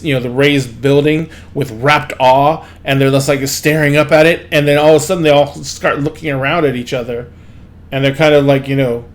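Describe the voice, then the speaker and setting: A man narrating a tabletop game as game master, in loose, rambling sentences full of fillers. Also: on the high side.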